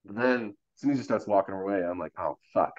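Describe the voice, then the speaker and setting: A man with a very low voice, speaking as an actor guest in a relaxed interview. He tells stories animatedly, with lots of fillers, and acts out the dialogue he quotes. The recording is muffled and lo-fi. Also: quick pace. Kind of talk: casual storytelling interview.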